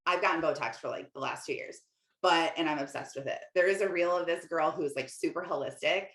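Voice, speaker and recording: With a deep, slightly bright voice and a somewhat fast delivery, a middle-aged woman hosts a podcast as a Christian life coach. In a relaxed confessional monologue recorded with roomy echo, she chats and rambles, leaning on fillers and repeating things she has said.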